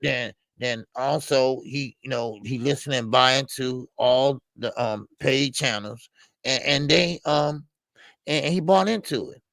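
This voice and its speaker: Gravelly man, hesitant. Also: mid-range voice, unhurried, a bit bright, no echo. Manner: rambling, hesitant, many uhs and you-knows. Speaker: boxing talk show co-host. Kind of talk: casual boxing chat.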